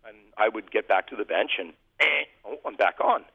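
A man's voice: lowish voice, lively intonation, a little fast, creaky, husky, dry recording. A man, a former hockey goalie, telling humorous, self-deprecating stories as a guest in a casual interview. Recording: tinny phone-like line.

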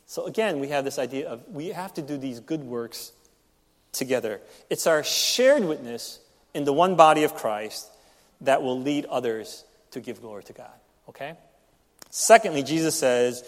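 A man's voice: medium pitch, lively intonation, normal speed. A man preaching a sermon in a conversational teaching manner, rising emphatically on key words. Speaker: pastor. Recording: long reverb of a large hall.

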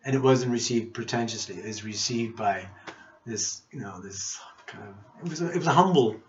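A man's voice: on the low side, fairly quick, slight background noise. A middle-aged man from Nova Scotia, a musician, telling rambling stories from his life in a casual interview. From Cape Breton Island, Nova Scotia, Canada. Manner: rambling, warm anecdotal storytelling with restarts. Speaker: guest musician. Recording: muffled lo-fi podcast recording.

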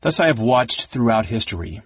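A man voicing an ageless, imperturbable male head librarian with a deep baritone and a calm, soothing manner. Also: normal speed, breathy edge, dry recording, lo-fi sound.

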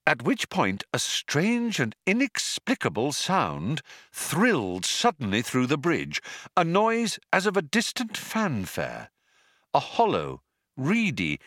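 A man narrating an audiobook in a dry, wry, unhurried storytelling manner. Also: medium pitch, a bit bright, no echo.

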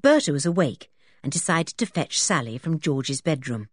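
A woman's voice: low voice, sing-song, normal speed, dry recording, studio quality. A woman narrating a children's storybook expressively and switching into voices for the characters. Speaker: audiobook reader.

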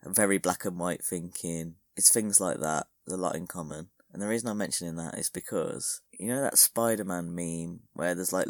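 A man's voice: low voice, dry recording, studio quality. A young man hosting a solo podcast, rambling with crude, self-mocking humour. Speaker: podcast host.

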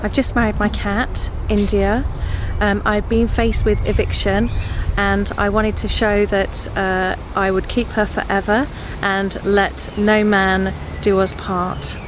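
A woman's voice: mid-range voice, level tone, slow, background noise. A woman in her forties with an English accent, explaining herself plainly and a little hesitantly in an interview clip. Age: 40s.

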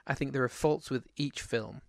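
A man's voice: medium pitch, normal speed, gravelly, dry recording, clean studio sound. A man co-hosting a casual podcast, rambling and self-deprecating, with lots of fillers. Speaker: podcast co-host. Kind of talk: casual chat.

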